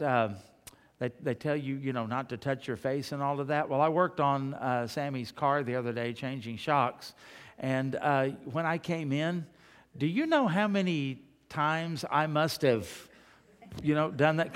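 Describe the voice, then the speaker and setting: A man's voice: mid-range voice, in a large hall. A male pastor giving a sermon in a folksy, chatty way, telling homespun stories and joking with the congregation.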